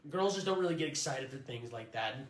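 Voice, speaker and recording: A man playing a condescending, sexist male gamer customer who talks low and dismissively. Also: expressive, fast, echoey room, natural voice. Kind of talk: comedy skit.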